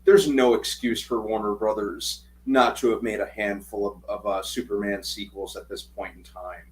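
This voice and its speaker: A man co-hosting a podcast, speaking earnestly with halting restarts. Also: fairly low pitch, fairly even intonation, a little hiss or hum, poor audio. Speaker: podcast co-host. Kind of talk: casual chat.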